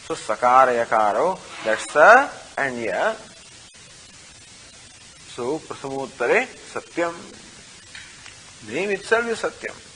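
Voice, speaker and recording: An older man teaching a scriptural study class, explaining slowly with many fillers and reciting Sanskrit. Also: mid-range voice, very animated, pushed and bright, slight background noise, low-quality recording. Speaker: Vedanta teacher.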